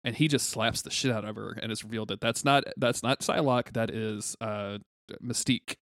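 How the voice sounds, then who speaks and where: A low-pitched man with a gravelly edge recaps comics on a podcast. He talks in a relaxed, loose way, full of fillers, and the sound is dry and close. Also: normal speed, no echo. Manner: laid-back, many "um" fillers, laughs often. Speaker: podcast co-host. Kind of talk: casual comic book recap chat.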